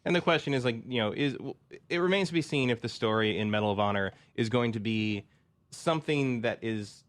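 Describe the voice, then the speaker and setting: A man's voice: medium pitch, a little fast. A man co-hosting a casual talk show who makes dry, joking asides. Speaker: podcast co-host. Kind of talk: casual chat.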